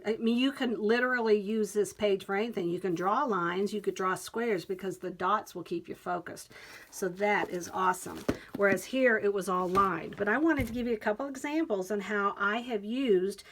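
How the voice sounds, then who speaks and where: A woman's voice: medium pitch, moderate pace. Enthusiastic woman flipping through a planner. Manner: enthusiastic, chatty, reads quotes aloud. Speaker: planner vlogger. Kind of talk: planner flip-through walkthrough.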